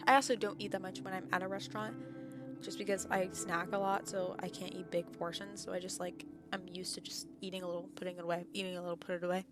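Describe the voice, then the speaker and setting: A woman's voice: mid-range voice, fairly even intonation, brisk. A young woman streaming, chatting casually and reading a visual novel aloud, somewhat out of breath and stumbling over words now and then. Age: young adult. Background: game music.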